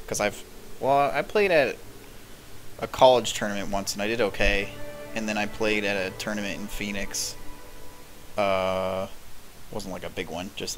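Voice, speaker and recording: A man's voice: on the low side, a bit bright. A man in his twenties streaming a video game, chatting casually in a rambling, laid-back way with lots of fillers and the odd swear. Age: 20s. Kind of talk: casual chat while streaming.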